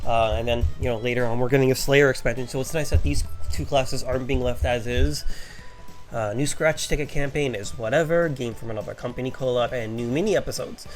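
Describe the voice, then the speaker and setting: A man, a VTuber, rambling without a script about a game update, sounding tired and filling pauses with ums and restarts. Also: mid-range voice, soft background music. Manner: tired, yawning, many fillers and restarts. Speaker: vtuber commentator. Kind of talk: unscripted rambling commentary.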